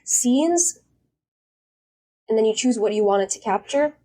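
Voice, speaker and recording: A woman's voice: on the high side, lively intonation, a little slow, dark tone, rough recording. Blunt, cursing young woman streamer. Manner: blunt, rambling, swears casually. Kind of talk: casual live-stream chat.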